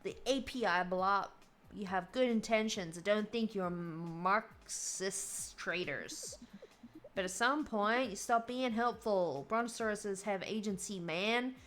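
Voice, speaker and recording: A woman voicing a brash, boastful male dinosaur tycoon in a video game, talking loudly and bragging. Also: mid-range voice, normal speed, lightly acted.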